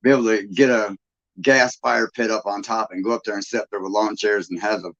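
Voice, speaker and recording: A man's voice: on the low side, steady tone, brisk, a bit bright. A man from Michigan hosting a live stream, chatting casually and folksily with viewers and laughing often. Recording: dull lo-fi sound.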